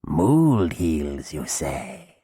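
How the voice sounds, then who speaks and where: A man voicing a hungry undead old witch woman who croaks and drawls slowly in a rustic way. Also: rumbling low, big pitch swings, dark tone, dry recording, studio quality, full character voice. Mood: menacing, hungry. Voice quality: croaking, husky. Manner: slow, drawling, menacing rustic speech. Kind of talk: audiobook character voice.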